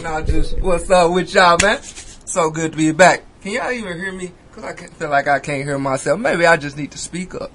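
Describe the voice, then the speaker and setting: A man's voice: on the high side, moderate pace, a bit bright, slight background noise. A male co-host of a music talk show, joking and laughing in casual banter. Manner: playful, laughing, hyped.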